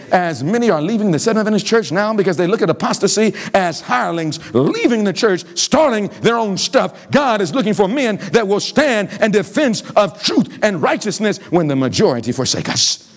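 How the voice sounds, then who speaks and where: A male pastor preaching a revival sermon in a church sanctuary, with a high, very animated voice that leaps up and down. He quizzes the congregation, leaving blanks for them to fill. He shifts from loud emphasis to low, pleading lines. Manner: call-and-response questioning of the congregation.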